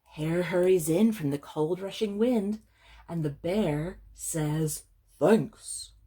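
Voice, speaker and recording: A woman librarian reading a picture book aloud for children, slow and gentle, pausing to explain words. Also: on the low side, breathy edge.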